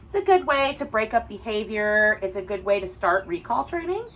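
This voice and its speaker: A young woman dog trainer, explaining her session in a calm, soft-spoken way between gentle praise for the dogs. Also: mid-range voice, moderate pace, low-quality recording.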